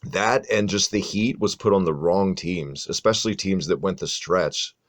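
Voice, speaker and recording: A man's voice: low-pitched, normal speed, no echo, clean studio sound. A man co-hosting a podcast, chatting casually and animatedly about an old wrestling event, swearing freely and rattling off long lists of names. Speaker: podcast co-host. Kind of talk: casual wrestling review chat.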